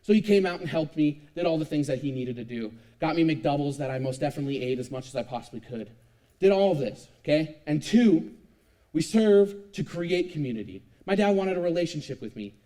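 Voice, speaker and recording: High-voiced young man telling a story. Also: a little fast. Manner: animated, self-mocking storytelling with frequent laughs. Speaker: youth speaker. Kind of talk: storytelling sermon.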